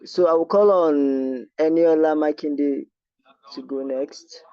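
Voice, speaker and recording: A man's voice: fairly high pitch, fairly even intonation, takes it slowly, clean tone, no room sound. A man moderating on a video call, thanking the last speaker and calling on the next. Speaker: trainee moderating the session. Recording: dull lo-fi call audio.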